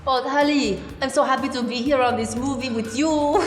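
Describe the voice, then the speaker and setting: Lady mimicking a bubbly sing-song gal in broken english, way up high, big echoey hall, faint music. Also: fairly even intonation, moderate pace, natural voice. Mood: gushing.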